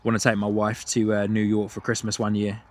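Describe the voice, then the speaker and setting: A man's voice: lowish voice, completely flat delivery, fairly quick. Chatty British man with an Antipodean twang. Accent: British with an Australian and New Zealand twang. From United Kingdom. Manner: chatty, laughs often, reads out viewer chat. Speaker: livestream host. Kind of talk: live plane-spotting commentary. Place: outdoors at an airport.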